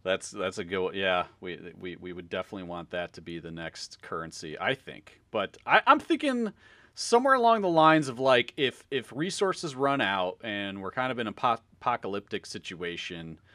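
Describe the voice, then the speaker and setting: Guy hosting a podcast, lowish voice, laughs a bunch, dry sound. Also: normal speed, few pauses, sharp tone, dry recording. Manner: laughs a lot, playful questions. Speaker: podcast host. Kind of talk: casual group chat.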